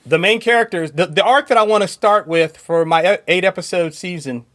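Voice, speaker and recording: A man co-hosting a podcast, chatting enthusiastically and laughing often between points. His voice sits a little higher than most men's. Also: a little fast, a bit bright. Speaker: podcast co-host. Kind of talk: casual chat.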